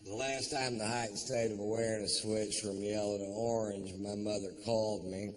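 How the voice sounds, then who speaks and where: A man doing a drawling, profane stand-up comedy routine, rising to shouted punchlines on a theater stage. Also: on the low side, fairly even intonation, normal speed, a little hiss or hum. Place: theater stage before a live audience.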